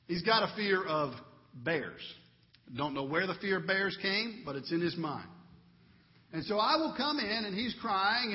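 A pastor in his thirties preaches in a relaxed, conversational way, sharing stories about family life and ending with a prayer. His voice is high. The recording sounds dull and muffled, with the long echo of a large church.

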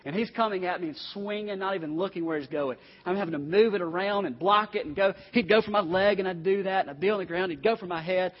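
A man's voice: sits high, fast, hardly any pauses. A man preaching a sermon to his congregation, earnest and direct, speaking straight to his listeners. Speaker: pastor. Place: church sanctuary. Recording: dull, echoey recording in a long-reverb hall.

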